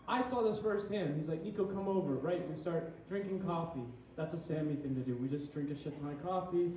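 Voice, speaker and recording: A man's voice: high voice, darkish tone, a little hiss or hum. Young man doing a crude, rambling stand-up set. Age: young adult. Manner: crude, rambling, self-deprecating. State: tipsy. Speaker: stand-up comic. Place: small comedy venue with an audience. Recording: echoey room, heard from a distance.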